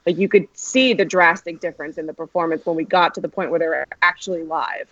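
A woman joins a podcast as a guest, dropping quick reactions into the talk. Her voice comes through dull and lo-fi, with a dry, close sound. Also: lowish voice, fairly bright tone, dry recording. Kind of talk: casual chat.

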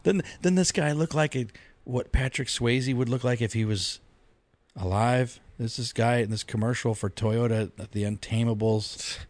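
A man's voice: medium pitch, normal speed, dry recording. Male podcast co-host, casual rambling chat, mid-range voice, dry booth sound. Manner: rambling, animated storytelling with mock-outraged quotes.

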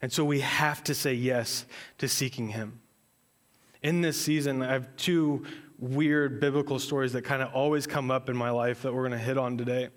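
A man's voice: mid-range voice, steady tone, normal speed. A man in his thirties, a pastor preaching a sermon in a conversational, earnest storytelling way.

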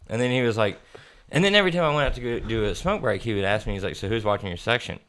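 A young man hosting a podcast, telling work stories in a profane, animated way and laughing often. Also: medium pitch, racing. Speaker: podcast host. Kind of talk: casual storytelling chat.

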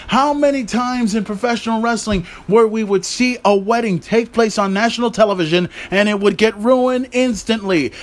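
A man hosting a podcast, ranting casually about wrestling with profane, exasperated rambling. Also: sits high. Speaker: podcast host. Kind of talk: casual wrestling commentary rant.

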